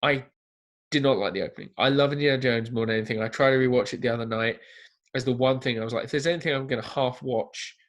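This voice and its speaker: A man's voice: medium pitch, fast talker. A man from Essex with an Essex English accent, chatting casually as a podcast co-host over a remote call, with frequent fillers and casual swearing. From England, Essex. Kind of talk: casual chat.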